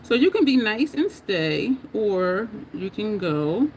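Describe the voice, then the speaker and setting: A woman's voice: mid-range voice, big pitch swings, slow, a little mellow. Jersey lady doing makeup on a live stream, laughs a lot, talks right to chat, slight background hiss. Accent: New Jersey and New York. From New Jersey. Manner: chatty, laughs often, talks to viewers in chat. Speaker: makeup livestream host. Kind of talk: casual livestream chat while doing makeup.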